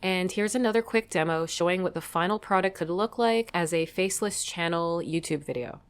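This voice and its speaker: Calm low-voiced woman explaining steps. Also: brisk, clear, resonant tone. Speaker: tutorial host. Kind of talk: screen-recorded software tutorial.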